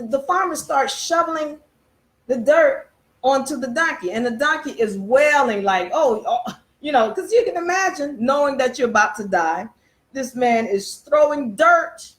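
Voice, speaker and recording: Lady rambling thru a story on a live stream, lots of uhs and you knows, voice a bit high. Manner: rambling storyteller, many fillers and restarts; preachy rhetorical questions. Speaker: spiritual teacher hosting a live stream. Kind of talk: casual motivational live-stream talk.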